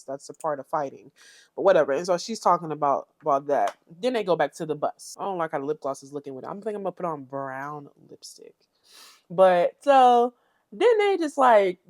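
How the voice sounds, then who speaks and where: Girl spilling tea on a reality show, chatty and animated, dry close mic. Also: no echo. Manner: chatty, animated, mimics cast members in high voices. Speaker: reality TV recap commentator. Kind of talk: casual commentary recap.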